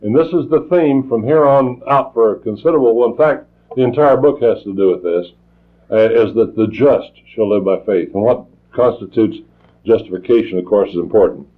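A man preaching a sermon, talking in a halting way with many restarts and fillers. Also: medium pitch. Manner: halting, repeats words, frequent fillers. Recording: tinny phone-like old tape recording.

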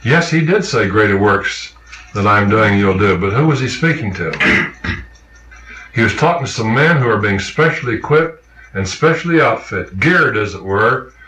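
A man's voice: lowish voice, fairly bright tone, roomy sound, low-quality recording. A man preaching a sermon, emphatic and questioning his congregation.

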